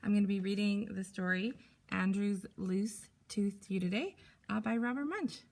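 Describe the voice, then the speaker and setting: A teacher reading a picture book aloud to young pupils, expressive and animated. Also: female voice, mid-range voice, moderate pace.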